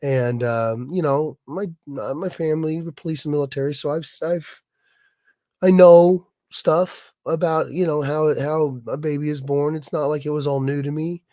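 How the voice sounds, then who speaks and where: A man with a hoarse, raspy voice from being sick, chatting casually on his livestream and stumbling over restarts. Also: fairly high pitch, fairly even intonation, dark tone, no room sound, clean studio sound. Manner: halting, many restarts and fillers. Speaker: livestream host, illustrator.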